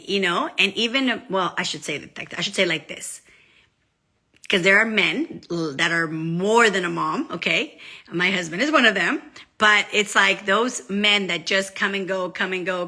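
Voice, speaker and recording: A bright, clear-toned woman in her thirties chatting straight to her viewers. She talks in a casual, animated way and jumps into little acted-out quotes. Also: medium pitch. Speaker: vlogger. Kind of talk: casual chat to camera.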